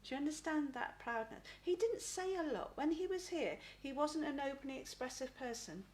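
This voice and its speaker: A middle-aged woman giving a live spirit reading as a psychic medium. She talks haltingly, repeats words and often asks "please?". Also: high voice, expressive, a little hiss or hum.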